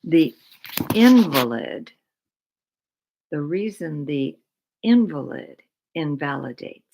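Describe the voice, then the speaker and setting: A middle-aged woman giving a slow, reflective talk on mindful living, repeating words with long pauses. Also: deep voice, sing-song, creaky, dark tone, rough recording.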